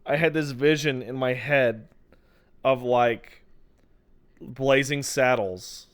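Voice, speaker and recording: A man co-hosting a podcast in casual chat, excitable and quick to laugh at his own jokes. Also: medium pitch, clear, resonant tone. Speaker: podcast co-host.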